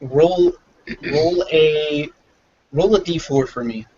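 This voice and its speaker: A man's voice: on the high side, slow, a little mellow, husky, dull audio. A man running a tabletop game as game master, narrating loosely with lots of fillers.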